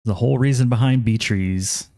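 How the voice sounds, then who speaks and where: A man's voice: mid-range voice, moderate pace, mellow, dry recording. A man casually commentating on a game while streaming, chatty, thinking aloud and reading chat aloud.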